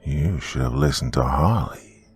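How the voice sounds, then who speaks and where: A man voicing a childlike shadow demon who speaks in a slow, mocking, hissing whisper, in a horror story. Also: a bass voice, husky, dry recording, exaggerated voice. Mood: bitter, demonic.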